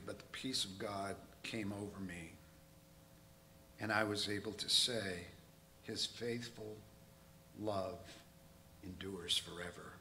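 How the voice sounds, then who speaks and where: A man's voice: on the low side, pushed and bright, slight background noise. A man preaching a sermon in a church, telling a personal story in a candid, self-mocking way.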